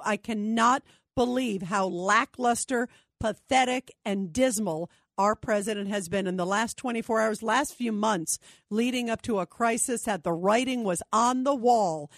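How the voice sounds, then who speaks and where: A woman's voice: on the high side, normal speed, no room sound, clean studio sound. A woman hosting a call-in talk radio show, speaking in an emphatic, indignant manner. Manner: emphatic, indignant, reads phone number repeatedly. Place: radio studio.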